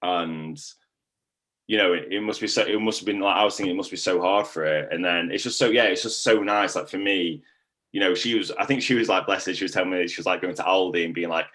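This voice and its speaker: A young man, a coaching client, rambles through a casual testimonial with lots of "like" fillers. His voice sits low, he talks fast, and his tone is fairly bright.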